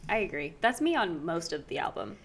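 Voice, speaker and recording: A woman's voice: on the low side, big pitch swings, a little fast, vocal fry, breathy edge. A young woman co-hosting a casual podcast, chatty and jokey, laughing often. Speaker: podcast co-host. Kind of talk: casual chat.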